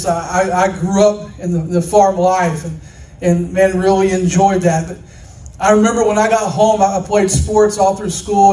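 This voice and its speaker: High-voiced preaching man in echoey sanctuary. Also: a little mellow. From Oklahoma. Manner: folksy storytelling building to impassioned preaching. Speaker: pastor. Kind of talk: sermon. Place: church sanctuary. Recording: echoey room, mic at a distance.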